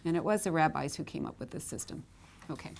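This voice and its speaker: A woman's voice: deep voice, fast, vocal fry, a little mellow. A woman teaching Hebrew vowels at a board, patiently repeating each sound and checking in with "okay?". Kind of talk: whiteboard lesson.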